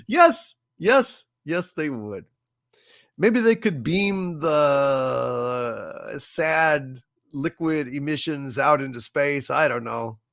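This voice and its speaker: A man hosting a casual livestream, reading viewer chats aloud and thanking viewers, effusive and apologetic, often halting with fillers. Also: a little high, lively intonation, creaky, a bit bright. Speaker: livestream host. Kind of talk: casual live chat, reading super chats.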